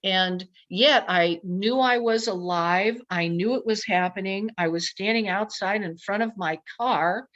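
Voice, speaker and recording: A woman guest telling a personal story in a lively way, acting out her own past thoughts as quotes. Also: medium pitch, measured pace, hardly any pauses. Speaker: podcast guest. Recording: dull lo-fi sound.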